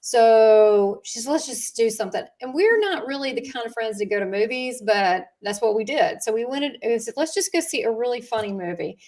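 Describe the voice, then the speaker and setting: A woman in casual conversation, talking warmly about spiritual practice and stories, often restarting her sentences with fillers. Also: fairly high pitch, expressive, fairly quick, hardly any pauses. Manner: chatty storyteller with frequent fillers and restarts.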